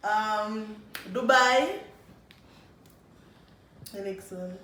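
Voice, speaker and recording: A woman's voice: mid-range voice, very slow, sharp tone, a little hiss or hum. A woman chatting with coworkers in a joking, teasing way. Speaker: coworker guest. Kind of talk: casual group chat. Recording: very echoey room from a distance.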